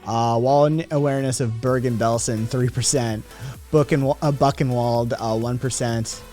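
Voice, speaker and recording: A man hosts a casual home livestream, reading numbers and viewer messages in an ordinary mid-pitched voice and breaking in with sardonic, swearing asides. Faint music plays quietly behind him. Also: steady tone, normal speed. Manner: profane, sardonic, reacts aloud while reading statistics. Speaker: livestream host reading chat.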